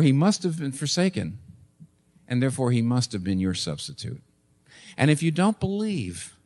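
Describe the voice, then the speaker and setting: A man in his sixties preaching a sermon as pastor, emphatic, with sudden rises and soft drops. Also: mid-range voice.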